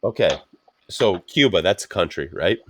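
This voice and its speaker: A man's voice: deep voice, very animated, normal speed, a little hiss or hum. A man co-hosting a podcast in casual chat, telling rambling anecdotes full of swearing and acting out what others said. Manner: acts out quoted speech of others. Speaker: podcast co-host.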